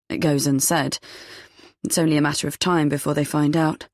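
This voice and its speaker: A woman's voice: sits low, flat delivery, normal speed, dry recording, clean studio sound. A woman narrating a first-person audiobook, giving characters small shifts of voice and dropping to a whisper for some lines.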